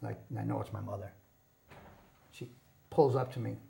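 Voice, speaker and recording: A man, a guest on a TV interview show, telling a personal story in an earnest, halting way, often repeating words. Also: fairly low pitch, fairly even intonation, creaky, dark tone. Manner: earnest, passionate about recovery.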